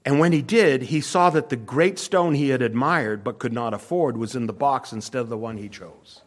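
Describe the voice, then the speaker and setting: A man preaching a sermon, telling anecdotes and illustrations in a conversational way, asking his listeners questions and dropping into quiet asides between louder, emphatic lines. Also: moderate pace. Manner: drops to soft low asides, then rises with emphasis.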